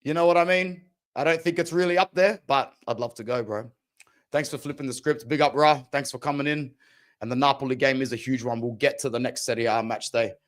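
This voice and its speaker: A man's voice: mid-range voice, fairly quick. A young man hosting a football podcast, ranting passionately and opinionated in casual slang. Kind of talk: opinionated sports talk.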